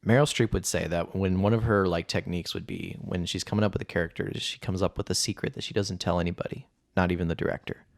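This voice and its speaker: A man's voice: sits low, steady tone, fast, gravelly, hardly any pauses. A man co-hosting a podcast in casual chat, blunt and profane, joking as he talks. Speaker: podcast co-host.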